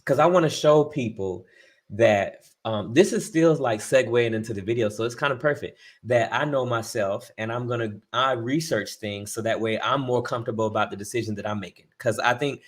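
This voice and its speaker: Male co-host, relaxed and explanatory, thinking out loud. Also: medium pitch, a little fast. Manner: explanatory, thinks aloud with fillers. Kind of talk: casual podcast chat.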